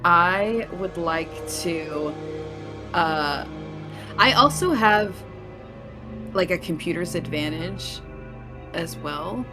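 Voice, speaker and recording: Slow, low-voiced woman player. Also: expressive, music in the background. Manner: hesitant, drawn-out, with many fillers. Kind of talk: playing a tabletop game on stream.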